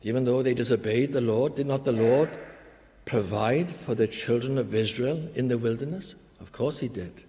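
A man preaching a sermon in an earnest, emphatic way, slowing down to stress key phrases. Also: mid-range voice, dark tone, big-room sound.

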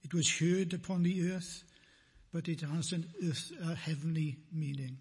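A man preaching a sermon in a church, slow and deliberate, repeating phrases for emphasis, with a husky voice. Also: fairly high pitch, fairly even intonation, darkish tone, big-room sound.

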